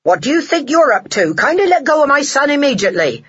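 A narrator voicing an angry father who scolds a stranger on a beach in a sharp, scolding way. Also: mid-range voice, animated, quick pace, husky, dull audio. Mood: indignant. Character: indignant stranger, a father defending his son.

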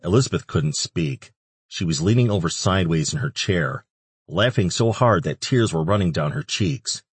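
A man narrating an audiobook in a measured, even reading. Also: sits low, breathy edge, no echo. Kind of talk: scripted narration.

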